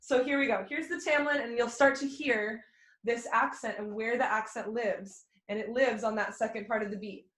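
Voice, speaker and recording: A woman's voice: a little high, steady tone, moderate pace, fairly bright tone. A young adult woman teaching a fiddle class online, explaining rhythm and counting beats aloud in a friendly way. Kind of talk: online music lesson. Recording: echoey room.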